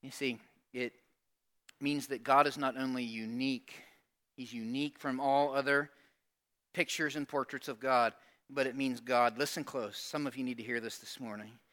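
Forceful, emphatic male pastor preaching. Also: mid-range voice, steady tone, moderate pace. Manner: emphatic call-and-response preaching; asks the congregation direct questions. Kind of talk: sermon.

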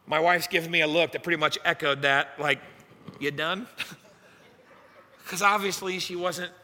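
A young man, a youth pastor, telling a funny personal story in a sermon with animated, self-mocking delivery. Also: fairly high pitch, normal speed. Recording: echoey hall reverb.

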